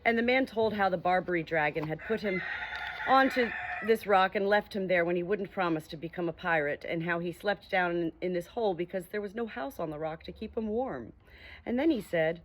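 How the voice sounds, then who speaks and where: Gentle woman reading a storybook. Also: lowish voice, brisk. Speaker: audiobook reader. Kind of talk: storybook narration.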